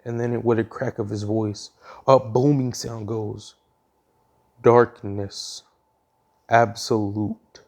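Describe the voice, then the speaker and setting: A man with a gravelly, mellow voice tells a fan story off the cuff. He rambles and restarts often, filling gaps with ums. His tone stays casual throughout. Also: mid-range voice, fairly even intonation, normal speed.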